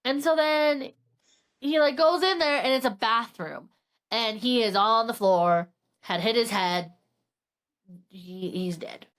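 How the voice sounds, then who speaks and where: A young woman with a high, bright-pitched voice chats through a thriller's plot for her podcast. She slips into the characters' voices as she goes and swears casually, the way friends talk. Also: slow pace, pauses often. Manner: animated, acts out characters' lines, swears casually. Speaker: podcast co-host. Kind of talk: casual book recap chat.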